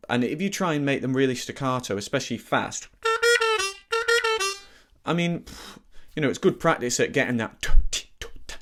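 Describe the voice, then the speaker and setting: A man of middle pitch gives a casual harmonica lesson. He talks in an easygoing way, thinks aloud and catches his own slips. He sounds a little short of breath. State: slightly out of breath. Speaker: harmonica teacher. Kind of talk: relaxed instructional talk.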